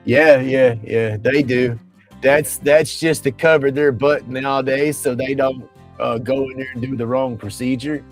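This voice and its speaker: A man's voice: medium pitch, steady tone, measured pace. A middle-aged man, chatting casually on a livestream, rambling and laughing often. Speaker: livestream host. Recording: faint music behind.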